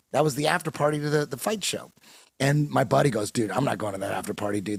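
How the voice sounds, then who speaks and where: A man's voice: medium pitch, gravelly, breathy edge, no room sound. A man hosting a podcast, telling a long, profane story in a rambling way with frequent laughs. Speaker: podcast host. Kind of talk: casual storytelling.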